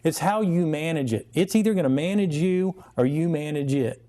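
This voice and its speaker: A man who is a chiropractor, a guest on a talk show, giving steady, plain explanations of his treatment. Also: fairly high pitch, moderate pace.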